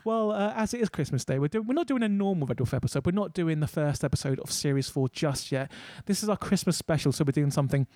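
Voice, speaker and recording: A man's voice: on the high side, animated, fast, hardly any pauses, mellow, no room sound. A man co-hosting a podcast in casual chat, joking and often restarting his sentences. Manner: chatty, stumbling restarts, jokey. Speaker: podcast co-host.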